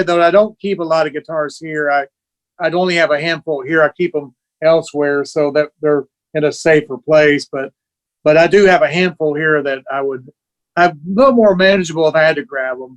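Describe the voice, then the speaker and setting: A man in his sixties, a guest musician telling an animated story in an interview and acting out the voices of the people he quotes. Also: a little high.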